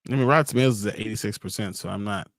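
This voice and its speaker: A man's voice: lowish voice, rapid-fire, a bit bright, no room sound. Easygoing male host, dry sound. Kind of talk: casual chat.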